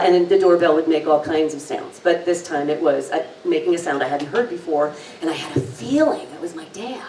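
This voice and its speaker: Older woman giving a talk and guided relaxation, slow-paced, a bit low, heard from a distance in an echoey hall with faint background noise. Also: darkish tone. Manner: unhurried, chatty, with laughs and acted-out quotes. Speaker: workshop presenter. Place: community hall. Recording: roomy hall, far from the mic, faint noise.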